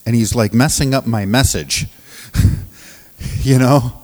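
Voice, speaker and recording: A man preaching as a pastor of a recovery ministry, telling stories from the pulpit in a halting, restarting way and often laughing as he talks. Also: mid-range voice, darkish tone, in a large hall. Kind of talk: sermon with storytelling. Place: church sanctuary.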